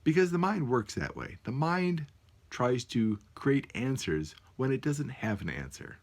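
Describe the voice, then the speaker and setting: A man's voice: mid-range voice, big pitch swings, unhurried. A man talking casually to the camera from his computer at home at night, amused and musing aloud. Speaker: vlogger.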